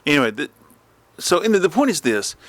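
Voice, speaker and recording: A man's voice: fairly high pitch, sing-song, moderate pace, fairly bright tone, dry recording. Rambling man chatting at home. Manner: rambling, mimics voices when retelling. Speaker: podcast host. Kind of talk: casual chat.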